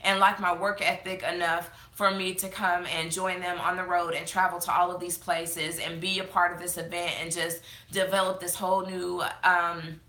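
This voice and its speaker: A woman talks casually to her viewers in a bright, forward voice. She rambles with plenty of fillers and restarts, tearful as she holds back crying. The sound carries the echo of a bare room. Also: on the low side, little pitch movement, moderate pace, hardly any pauses. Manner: chatty, heartfelt, many fillers and restarts. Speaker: beauty vlogger hosting a live chat. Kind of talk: casual live-stream chat reading comments.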